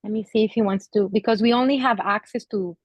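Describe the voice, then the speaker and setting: Woman, psychic medium, gentle hesitant delivery, lots of fillers, dry close sound. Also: medium pitch, quick pace, husky, dry recording. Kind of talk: gallery reading to an audience member.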